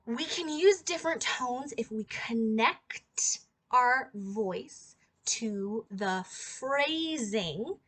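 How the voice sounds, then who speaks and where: A young woman with a slightly higher-than-average voice teaches singing in a casual, chatty way. She stops now and then to sing short demonstration notes. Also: animated, very slow, fairly bright tone. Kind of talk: casual vocal lesson.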